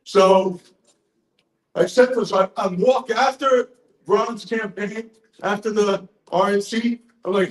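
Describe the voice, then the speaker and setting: A man in his sixties giving a rambling, profane, excitable speech to a crowd, a little drunk. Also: sits high, takes it slowly, reverberant, low-quality recording. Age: 60s. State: tipsy. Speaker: conference speaker.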